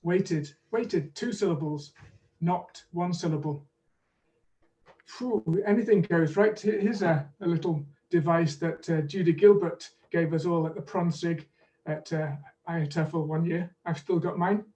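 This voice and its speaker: A man presenting as a pronunciation teaching expert in an online webinar, explaining in a measured way and leading drills over a video call. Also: a little high, warm tone, distant mic.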